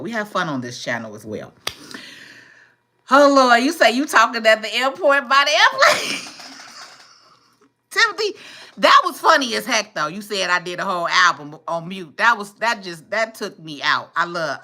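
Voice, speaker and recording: Woman hosting a phone livestream; casual and full of laughter, bright and lively. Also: lowish voice. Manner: laughing often, exclaiming. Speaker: livestream host. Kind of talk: casual livestream chat with viewers. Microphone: phone camera.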